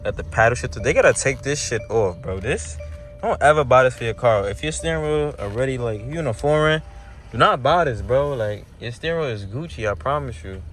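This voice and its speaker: A young male car vlogger with a medium-pitched voice talks fairly quickly to viewers from a camera mounted inside his moving car. His commentary is casual and slang-heavy, getting loud and excited when he accelerates, with soft background music and faint road noise.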